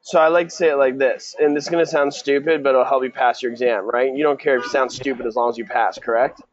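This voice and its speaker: A man's voice: mid-range voice, steady tone, fast talker, muffled recording, a little hiss or hum. A man tutoring a student for a real estate exam in a casual question-and-answer session, quizzing and encouraging.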